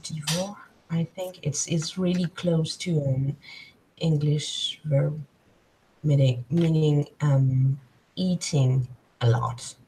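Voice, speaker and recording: A woman's voice: low voice, fairly even intonation, takes it slowly, warm tone, slight background noise, low-quality recording. A woman from France with a French accent, chatting casually as co-host and laughing often. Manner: laughs often, short replies. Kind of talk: casual chat.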